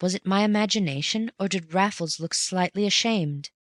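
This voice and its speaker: An audiobook narrator reading a classic novel in a measured, steady way. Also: mid-range voice, dry recording, studio quality.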